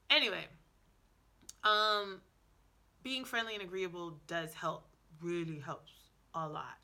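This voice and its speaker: Woman, vlogger, casual advice, chatty, playful asides, lots of "like", bright tone. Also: medium pitch, moderate pace. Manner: chatty, many "like"s and self-corrections. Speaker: language-learning vlogger.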